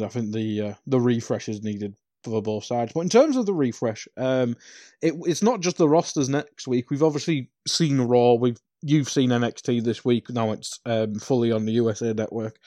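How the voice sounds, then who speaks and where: A British man co-hosting a casual podcast chat. His voice is mellow and dark, set close and dry to the mic with no room around it. He talks loosely, swears offhand and laughs easily. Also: mid-range voice, moderate pace, no echo. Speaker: podcast co-host.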